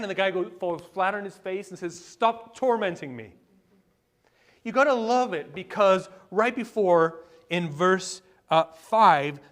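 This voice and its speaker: A male pastor preaching a sermon in a conversational way, with rhetorical questions and sudden bursts of excitement. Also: sits high. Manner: conversational preaching with asides and fillers.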